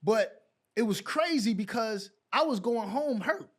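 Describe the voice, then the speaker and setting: In an easygoing interview, a middle-aged guest who used to play pro basketball tells stories without hurrying, his voice sitting high. He brings recalled exchanges to life by acting them out.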